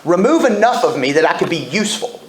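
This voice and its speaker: Speaking very animatedly and quickly in a high register, this forties-aged man shares his story at a recovery meeting, frank and self-mocking. The echoey meeting room carries a faint background ambience.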